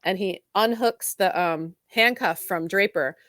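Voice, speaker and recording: Woman, podcast co-host, casual chat, fast animated retelling, dry close sound. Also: medium pitch, no room sound. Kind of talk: casual chat recapping a soap opera.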